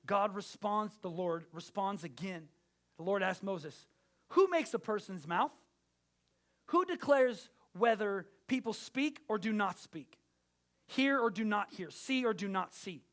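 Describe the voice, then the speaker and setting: High-voiced man preaching an emphatic sermon. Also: a bit bright. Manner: emphatic, direct exhortation to listeners. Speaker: pastor.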